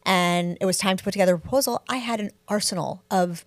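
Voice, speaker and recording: A woman in her forties talks openly in an interview, mixing frank stories with self-deprecating humor. Her voice sits at a middle pitch. The sound is dry and close, with no room around it. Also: fast, no room sound. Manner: candid, self-deprecating, animated storytelling. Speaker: guest author. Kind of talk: casual interview chat.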